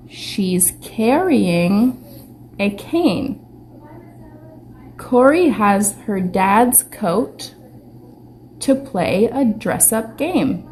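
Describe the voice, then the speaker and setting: A woman teaching young children in an online lesson, talking slowly with lots of questions and sounding out letters. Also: a little high, a little mellow, a little hiss or hum. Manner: slow, sing-song teacher talk with many questions. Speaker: preschool teacher.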